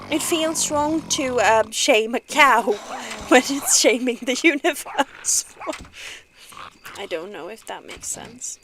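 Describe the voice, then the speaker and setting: A woman's voice: on the high side, animated, slow, fairly bright tone, a little hiss or hum. Giggly woman streaming a game. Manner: giggly, chatty and playful. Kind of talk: casual gaming stream chat.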